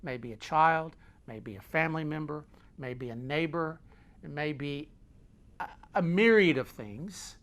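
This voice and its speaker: A man's voice: a little high, unhurried. Emphatic middle-aged man giving a pep talk. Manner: emphatic, repeats key phrases, swings loud and quiet; folksy, talks with his hands. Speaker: host. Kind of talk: motivational talk.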